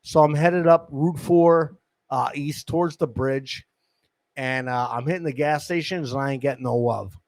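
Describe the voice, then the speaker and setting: A man's voice: a little high, normal speed, a little mellow, dry recording. A man, hosting a podcast and telling a rambling, profane street-hustler story into a studio mic. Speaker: podcast host. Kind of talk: casual storytelling. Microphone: studio microphone.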